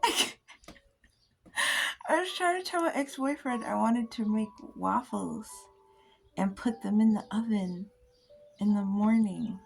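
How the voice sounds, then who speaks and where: A woman's voice: mid-range voice, expressive, measured pace, vocal fry, pauses often, faint music behind. A woman host telling stories in a casual chat. She giggles often, swears freely and drops into whispers now and then. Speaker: poet and podcast host.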